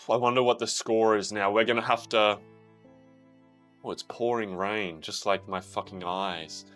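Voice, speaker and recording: A young man reacting to a manga, reading panels aloud in a casual, excitable way, swearing freely and bursting into shouts. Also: mid-range voice. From Australia.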